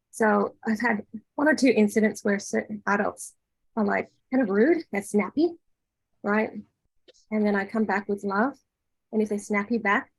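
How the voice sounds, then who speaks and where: A woman leading an online workshop as a spiritual coach, giving gentle advice and often asking "right?". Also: mid-range voice, husky, no echo, rough recording. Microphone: video call.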